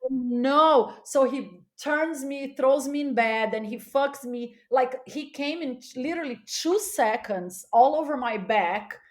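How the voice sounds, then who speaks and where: Animated woman telling a candid story. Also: high voice, slow, few pauses. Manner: animated, laughs often, repeats words for emphasis. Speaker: podcast guest.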